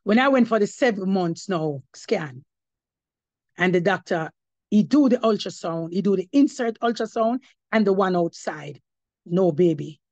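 A woman's voice: medium pitch, animated, a little slow, warm tone, no room sound. A woman giving her testimony as an apostle, preaching to a congregation and slipping between English and patois, rising to emphatic cries of praise.

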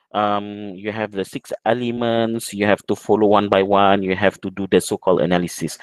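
A man's voice: lowish voice, no echo. A male university lecturer with a Malaysian English accent, teaching an online class over a video call and mixing Malay words into his English, with many fillers.

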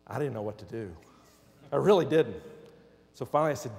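A man in his forties, a pastor telling a story in a sermon and acting out the dialogue with lively energy. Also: mid-range voice, fairly quick, gravelly. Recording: long reverb of a large hall.

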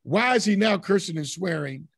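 A man with a Southern US accent leading a Bible study, teaching in an animated way and acting out the voices in the scripture. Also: high-pitched, normal speed, husky, no room sound, clean studio sound.

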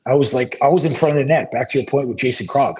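With a medium-pitched voice and a quick pace, a man in his 30s who once played hockey professionally shares a long, rambling anecdote as a guest. He stays relaxed, restarting often and leaning on ums and other fillers in this casual storytelling interview. The lo-fi sound is slightly dull.

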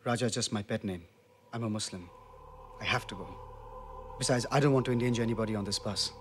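An actor playing a young man who calmly but urgently explains why he must leave, in film dialogue. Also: on the low side, fast talker, slight background noise, close to an everyday voice. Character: young man warning of riots, calm and urgent.

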